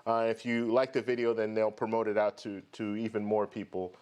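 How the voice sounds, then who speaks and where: A man's voice: fairly low pitch, flat delivery, fairly quick, a little mellow. A man hosting a live stream about travel rewards, talking casually and greeting viewers one by one. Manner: chatty, greets viewers by name. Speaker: host of a travel credit card channel.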